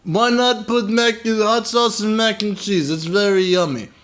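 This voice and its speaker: A man's voice: high voice, steady tone, unhurried, a bit bright, pitched above the performer's own voice. A man doing a mocking impression of a blunt Russian woman assassin, with an exaggerated fake Russian accent and clipped broken phrasing.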